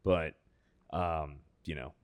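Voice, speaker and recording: A man's voice: rumbling low, steady tone, slow pace. A man co-hosting a podcast, blunt and swearing constantly in casual chat. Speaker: podcast co-host.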